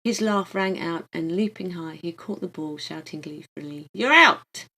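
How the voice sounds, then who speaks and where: A woman reading a visionary book aloud in a calm, gentle storytelling way. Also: on the low side, normal speed, poor audio. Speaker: audiobook reader.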